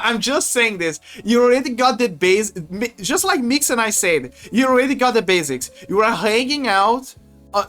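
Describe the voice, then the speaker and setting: A man streaming, chatting casually in a rambling, animated way with frequent restarts and laughs. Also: high-pitched. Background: faint music.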